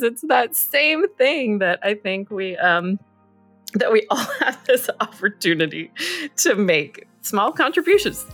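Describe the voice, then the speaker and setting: A woman's voice: mid-range voice, very animated, a little slow, a bit bright, no echo, clean studio sound, soft background music. A woman co-hosting a podcast, telling a story casually and laughing often. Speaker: podcast co-host.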